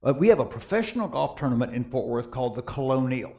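A middle-aged man preaching a sermon as a pastor, telling stories with lively swings from quiet asides to excited peaks. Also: mid-range voice, fast talker, gravelly. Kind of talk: sermon with storytelling.

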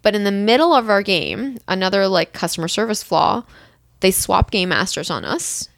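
A young woman casually telling a story, acting out quoted lines with a jump in pitch and frequent laughs. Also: normal speed, vocal fry, dry recording, studio quality. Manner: animated, acts out quotes with rising pitch and laughs. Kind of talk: casual chat.

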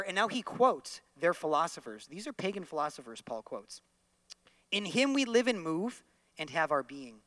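A man preaching a sermon in an animated way, leading his listeners, including those at home, in repeating lines after him. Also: sits high, no echo. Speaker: pastor.

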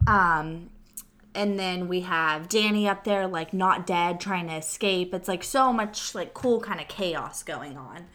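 A woman's voice: lowish voice, a little slow, fairly bright tone. A woman co-hosting a casual movie review podcast, chatty and full of filler words. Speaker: podcast co-host.

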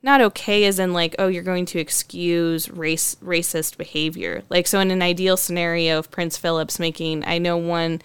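A woman's voice: lowish voice, steady tone, normal speed, few pauses, smooth, no echo. A woman in casual conversation, talking thoughtfully and hedging with frequent fillers.

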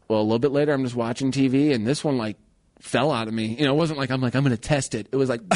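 A young man co-hosting a radio show, telling a story in a casual, animated way. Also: mid-range voice, fast talker. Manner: animated, acts out voices in his stories.

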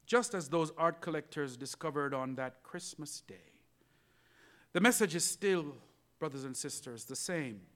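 A male pastor preaching a sermon, telling a story in an animated way and speaking straight to the congregation. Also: a little high, measured pace.

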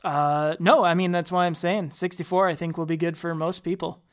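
Low-pitched woman with a smooth voice. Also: steady tone, fairly quick. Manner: hesitant, repeats words when starting sentences. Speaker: podcast co-host. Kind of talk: casual tech chat.

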